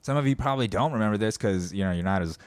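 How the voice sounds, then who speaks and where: A man's voice: fairly low pitch, very fast, smooth, dry recording. A man hosting a podcast, delivering a sarcastic, profane comedic rant about politics and mocking people as he goes. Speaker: podcast host.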